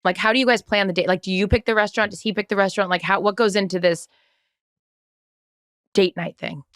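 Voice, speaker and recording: Woman podcast co-host, mid-pitched, dry close mic, animated storyteller who acts out quotes. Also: quick pace, no echo. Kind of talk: casual storytelling chat.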